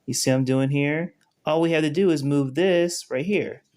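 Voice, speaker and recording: A man's voice: a little high, moderate pace, a little mellow. A man giving a casual live-stream tutorial, talking viewers through each step and often checking that they follow along. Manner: conversational, keeps checking in with viewers. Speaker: spiritual teacher.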